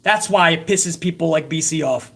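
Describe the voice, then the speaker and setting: A man's voice: a little high, normal speed, fairly bright tone. A man tears through a wrestling show recap with heated, sarcastic outrage. He swears constantly and sounds fed up at every turn. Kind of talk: profane ranting show recap.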